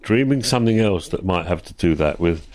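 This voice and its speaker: A man's voice: low voice, animated, a little fast, a little mellow. An older man, a guest and a host's father, chatting casually with exasperated comic rants, recorded indoors at a workplace full of vintage cars. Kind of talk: casual chat.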